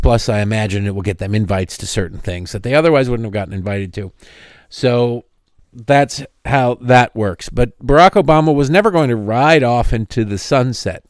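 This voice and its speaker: The voice is a middle-aged man's, fairly low and a little mellow, captured cleanly in a studio with no room sound. Hosting a political talk show on radio, he runs through an opinionated monologue, wandering into tangents and tossing in sarcastic asides.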